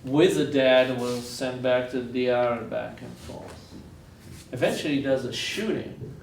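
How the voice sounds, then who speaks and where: A man's voice: medium pitch, unhurried, creaky, echoey room, slight background noise. A man from Israel giving a lecture, telling stories earnestly and repeating phrases for weight, recorded from far off in a university lecture room. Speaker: guest lecturer. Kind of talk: storytelling lecture.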